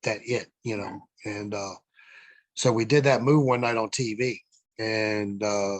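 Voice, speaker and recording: A man's voice: lowish voice, fairly even intonation, unhurried, no echo. Middle-aged man telling road stories, dry. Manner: rambling, profane, frequent fillers and restarts. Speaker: guest, former pro wrestler. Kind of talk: casual storytelling interview.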